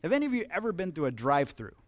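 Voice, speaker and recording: A man's voice: on the high side, sing-song, very fast, no echo. A man preaching a conversational sermon, chatty and humorous, often asking his listeners questions. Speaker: pastor.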